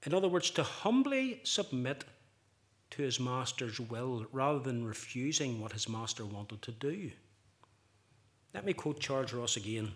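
A man preaching a sermon, impassioned, building louder and higher on key points and acting out quoted speech. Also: sing-song, a little slow. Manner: acts out quoted speech vividly.

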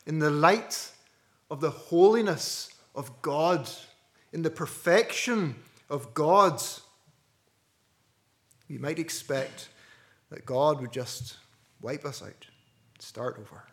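A man preaching a sermon earnestly, dropping to a hush and rising to loud stresses. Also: a little high, slow, pauses often. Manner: earnest, with wide swings between hushed and loud.

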